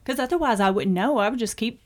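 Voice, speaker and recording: A middle-aged woman leads a podcast discussion with a fairly high voice. She speaks in a matter-of-fact way and tells stories with animation. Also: fast. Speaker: host.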